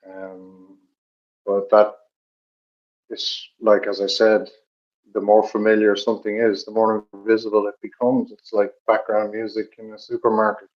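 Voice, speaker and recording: A middle-aged man from Dublin with an Irish accent, telling stories in a measured, reflective way with many pauses. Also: lowish voice, level tone. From Ireland. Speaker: podcast co-host. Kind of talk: reflective storytelling chat. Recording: dull lo-fi recording.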